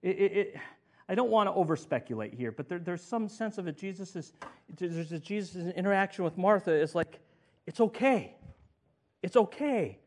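A man's voice: sits high, a little fast. Man preaching a sermon with swings in volume. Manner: dynamic, swinging from loud to hushed; repeats phrases for emphasis. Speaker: pastor.

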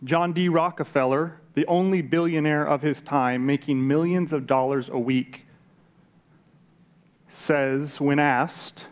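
Conversational pastor with a fairly high voice. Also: male voice, fairly even intonation, slow pace. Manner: conversational, asks the room rhetorical questions. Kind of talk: sermon. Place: church service.

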